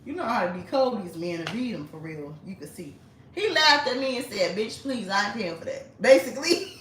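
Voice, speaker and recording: A young woman telling a story in a casual storytime monologue. She talks in an animated way, laughs often and acts out the voices of the people in her story. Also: medium pitch, fairly quick, slight background noise. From United States. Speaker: storyteller host. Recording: roomy, mic at a distance.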